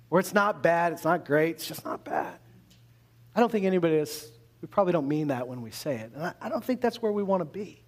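High-voiced man preaching a lively sermon. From Canada. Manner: conversational, animated preaching with rhetorical questions. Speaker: pastor.

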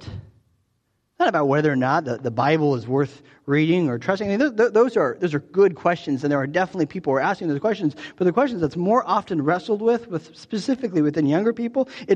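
A man's voice: high voice, lively intonation, quick pace, darkish tone, muffled recording. A man preaching a sermon in a conversational way, often restarting his phrases. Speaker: pastor.

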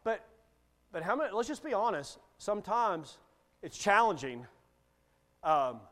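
High-voiced, folksy male preacher. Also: big pitch swings, a little slow, fairly bright tone. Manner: folksy and joking. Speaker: guest preacher. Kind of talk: sermon.

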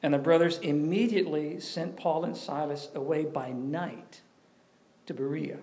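A man preaching a sermon in a conversational, animated way, often asking questions of the audience. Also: on the high side, measured pace. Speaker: pastor.

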